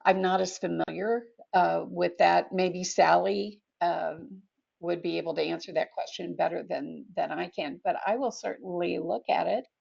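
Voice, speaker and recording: A woman speaking slowly and hesitantly with many fillers, chatting in an online support group. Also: fairly low pitch, fairly even intonation, vocal fry, darkish tone, husky, dull audio. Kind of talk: casual video call chat. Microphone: video call.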